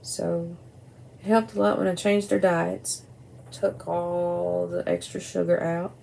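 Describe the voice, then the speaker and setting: A woman's voice: on the low side, level tone, takes it slowly, vocal fry, dark tone, slight background noise, low-quality recording. A middle-aged woman talking candidly and bluntly to camera at home, rambling and swearing now and then. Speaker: vlogger. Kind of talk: casual personal talk to camera. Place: at home by a window at night.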